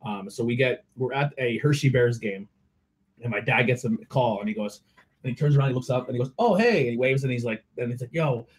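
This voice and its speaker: A man's voice: mid-range voice, fairly even intonation, fast. A young man from eastern Pennsylvania hosting a beer podcast, telling stories casually, swearing and laughing as he goes. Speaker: podcast host. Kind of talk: casual storytelling over beers.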